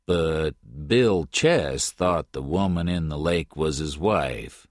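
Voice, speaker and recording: A man reading aloud, voicing a calm older male small-town lawman who talks in a slow, measured way. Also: sits low, no echo, studio quality, voice pushed up, heavily acted.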